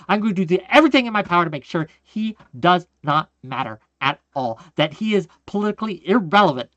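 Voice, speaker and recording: A man doing a forceful livestream political rant from home, repeating himself and checking in with his audience. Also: high voice, no echo, highs cut off. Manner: forceful, repetitive, keeps asking "okay?" and calling the audience "gang". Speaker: streamer and political commentator.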